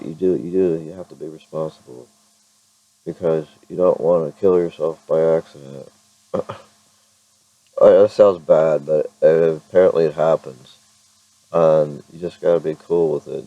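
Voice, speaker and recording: A man's voice: deep voice, dry recording, phone-quality sound. A man talking casually to his camera in a rambling vlog, often restarting his sentences and chuckling. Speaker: vlogger.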